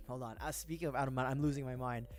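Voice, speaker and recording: Young man, from the Philippines, casual streamer chat, rambling and self-deprecating, middle-pitched voice, soft music underneath. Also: fairly even intonation, racing. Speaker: livestreamer building a model kit.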